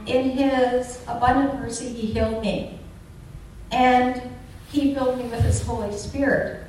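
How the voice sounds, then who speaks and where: An older woman tells her personal faith testimony in an earnest, chatty way, pressing fervently on the words that matter to her. Her voice sits slightly high. She is recorded from some distance in a strongly echoing room, with a faint hiss of noise underneath. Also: steady tone, a little slow, darkish tone. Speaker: churchgoer giving a testimony.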